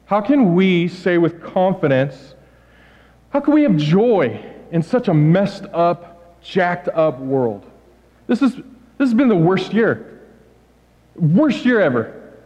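A middle-aged male pastor delivers a lively, joking sermon in a high voice, slipping into quoted lines. The recording is dull and muffled, and a long reverb hangs on every phrase from the church hall. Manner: animated, joking, acts out quotes.

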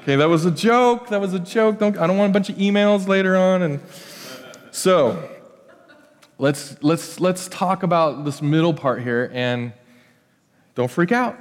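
A man's voice: high-pitched, normal speed. A man pastor preaching a casual, joking sermon full of restarts and asides. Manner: conversational, joking, animated with many restarts. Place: church sanctuary. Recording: church hall with long reverb.

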